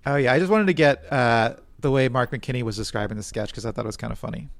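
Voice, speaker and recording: A man's voice: mid-range voice, quick pace, creaky, no echo. A man in his thirties co-hosting a casual chat, laughing often and hesitating with fillers. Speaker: podcast co-host.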